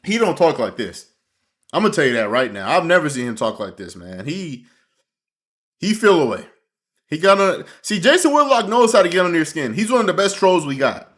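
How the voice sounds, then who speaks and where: A male host reacting to a sports clip in loose, slangy talk, chewing as he speaks. His voice jumps up and down in pitch as he riffs. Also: brisk. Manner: slangy, animated, talks while eating. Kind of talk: casual reaction commentary.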